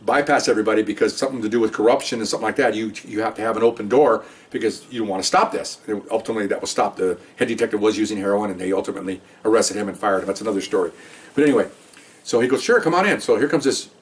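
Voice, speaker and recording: Rapid-fire and lowish in pitch, a sixty-something former police detective rambles through casual stories full of asides. The recording places his voice a bit away from the microphone.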